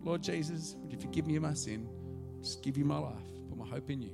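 Male pastor, fairly high voice, storytelling sermon that swings from soft to loud, faint music under it. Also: fast, creaky.

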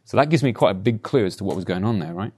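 Very fast and animated, with a warm tone and fairly low pitch, a preacher gives a conversational sermon rich in personal anecdotes. He often drops in tag questions like "right?".

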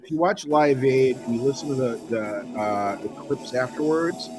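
Man, casual storyteller, rock talk over loud backing music. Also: medium pitch, moderate pace. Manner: storytelling, animated. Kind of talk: casual chat.

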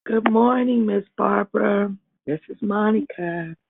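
Woman caller, slow, gravelly, grateful testimony, phone line. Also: mid-range voice, no room sound. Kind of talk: testimony on a prayer call.

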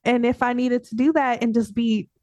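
A lively woman guest on a podcast, laughing freely and jumping into a higher, playful tone when she acts out her own thoughts. Her voice sits fairly high and sounds close and dry, with no room around it. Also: normal speed, no echo. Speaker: coaching client and coach. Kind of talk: casual podcast interview.

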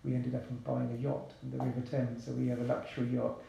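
Man, gravelly, mellow tone, chatty podcast guest. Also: mid-range voice, quick pace, slight background noise. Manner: relaxed, chatty, many asides. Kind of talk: casual interview talk. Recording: very echoey room.

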